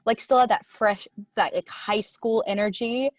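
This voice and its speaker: A woman's voice: on the high side, steady tone, normal speed, no echo. Young woman, podcast co-host, casual storytelling, dry sound, muffled recording. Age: young adult. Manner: storytelling, acts out her own quotes. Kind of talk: casual chat.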